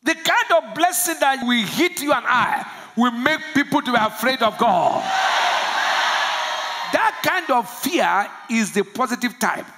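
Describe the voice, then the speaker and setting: A pastor from Nigeria preaching a sermon, asking the congregation to finish his lines and swinging from low murmurs to loud shouts. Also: animated, a little slow, a faint crowd, a little hiss or hum. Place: church service.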